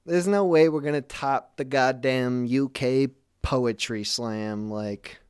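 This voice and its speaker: A man's voice: medium pitch, slow pace, darkish tone, clear, resonant tone. A man hosting a casual livestream, chatting loosely and swearing now and then. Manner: laid-back, swears casually. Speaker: host.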